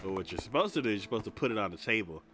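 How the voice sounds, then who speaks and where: A man's voice: on the low side, racing, heavy background noise. A man hosting a gaming podcast, chatting casually while he plays and telling stories with lots of laughter. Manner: animated storytelling with frequent laughter. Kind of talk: casual chat while playing.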